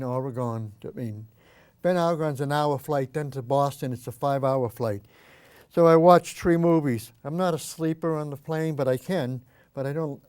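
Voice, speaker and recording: A man's voice: on the high side, a little mellow. An older man hosting an art show, chatting casually and telling rambling stories while he demonstrates painting.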